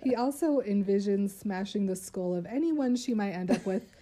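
A woman's voice: medium pitch, normal speed, mellow, a little hiss or hum. Young woman wryly summarizing a book. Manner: wry, dry summarizing with slangy asides. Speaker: podcast co-host. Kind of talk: casual book-discussion chat.

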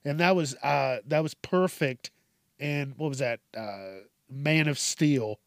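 Slow-talking man, rambling podcast monologue. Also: mid-range voice, no room sound, studio quality. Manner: rambling, profane, self-mocking. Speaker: podcast host. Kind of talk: casual solo monologue.

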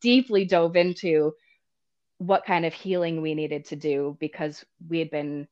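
Woman on a podcast telling stories, lots of laughing, kinda low voice. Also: a little slow, highs cut off. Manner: animated, laughs often, acts out quoted people. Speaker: podcast guest. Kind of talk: casual storytelling chat.

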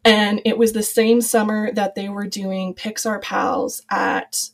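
A woman's voice: mid-range voice, flat delivery, takes it slowly, creaky. A young adult woman, a podcast guest and former cast member, talking in a chatty, rambling way with many fillers. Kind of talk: casual podcast conversation.

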